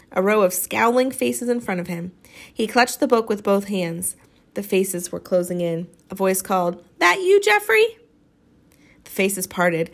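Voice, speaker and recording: A woman reading a novel aloud, expressive and dramatic in her storytelling. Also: medium pitch, creaky. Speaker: audiobook reader.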